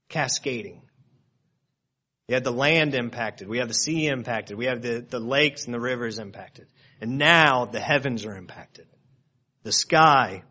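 Male pastor, mid-pitched, earnest sermon delivery with big swings between loud emphasis and soft asides.

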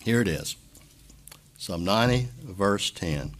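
A man pastor giving an impromptu sermon, earnest and emotional, halting often to clear his throat. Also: mid-range voice, sing-song, a bit bright.

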